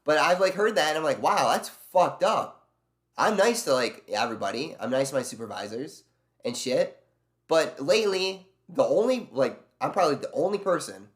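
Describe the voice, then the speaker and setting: Speaking fairly quickly in a slightly high voice with big pitch swings, a man rants during a live stream. He chats casually, swears a lot, and tells sarcastic stories while reading his chat's messages aloud and answering them.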